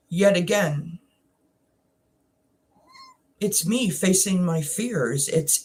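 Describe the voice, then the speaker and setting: Emotional Canadian woman, slow and halting, close to tears, casual personal chat. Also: on the low side. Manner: emotional, halting, many restarts. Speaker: wellness channel host.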